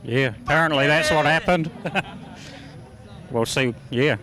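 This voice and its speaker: A man's voice: on the high side, measured pace, pushed and bright. A man with a New Zealand accent, a racing driver talking laid-back with dry humour after a race. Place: outdoors at a speedway.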